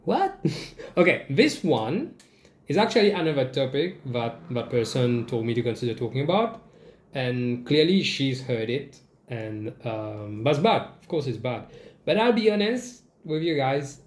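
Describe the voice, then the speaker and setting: A young Mauritian man with a Mauritian accent, giving casual comedic commentary in a sarcastic, swearing, animated way. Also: medium pitch, unhurried. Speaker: vlogger. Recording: echoey room.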